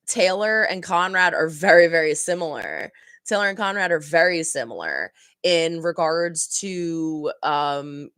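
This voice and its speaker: Low-voiced woman chatting casually. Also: fairly bright tone, dry recording, studio quality. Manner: chatty, rambling, self-correcting. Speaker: reaction channel host. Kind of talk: casual recap of a TV episode.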